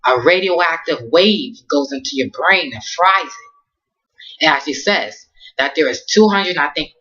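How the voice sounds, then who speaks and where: A man's voice: a little high, animated, normal speed, pushed and bright, dull audio. A man casually recapping an anime episode in slangy talk, rambling with lots of ums and restarts. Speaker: anime reviewer.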